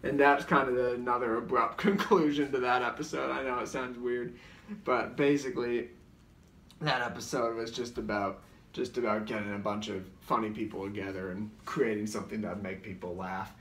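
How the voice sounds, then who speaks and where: A man's voice: mid-range voice, fairly even intonation, moderate pace, fairly bright tone. Man telling rambling sketch stories, far from the mic in a roomy space. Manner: rambling, full of filler words and restarts. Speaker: comedy show co-host. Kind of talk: rambling comic recollection. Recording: roomy echo, distant mic.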